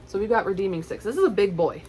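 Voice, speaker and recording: A woman's voice: medium pitch, animated, fast, a little mellow, slight background noise, low-quality recording. Gushing young woman on a phone camera. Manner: gushing, effusive, repeats herself. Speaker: book vlogger. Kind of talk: casual enthusiastic book talk.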